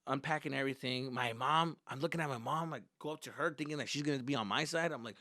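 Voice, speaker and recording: A man, a comedian, telling a childhood story in an animated, profane way, slipping into Spanish. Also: medium pitch, fast, few pauses, no echo, studio quality. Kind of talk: stand-up style storytelling.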